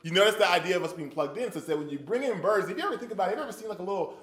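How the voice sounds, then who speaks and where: A man leads a bible study with a bright, fairly high voice that swings widely in pitch. He tells stories and acts out little voices and sound effects as he asks the group questions. The room around him is echoey. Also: animated, rapid-fire. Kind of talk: interactive bible study teaching.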